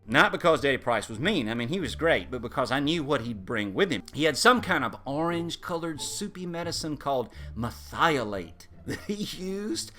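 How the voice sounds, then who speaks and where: A man tells a funny personal story in a casual, animated way, chuckling as he goes. His voice is bright and forceful, and his pitch swings widely. The telling is loose and conversational. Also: normal speed, faint music behind.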